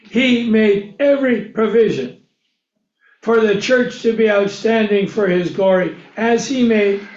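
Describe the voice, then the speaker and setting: A high-voiced preacher gives a slow, unhurried sermon of Bible teaching, asking his listeners questions and then answering them himself. His tone is darkish, and the recording is dull and lo-fi, with his voice ringing through a roomy, echoey space.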